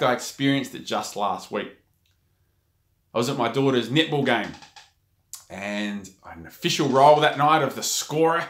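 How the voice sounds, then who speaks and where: A man's voice: mid-range voice, fairly bright tone. A middle-aged man, a sales trainer, telling a story and coaching viewers in a motivational video talk. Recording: echoey room.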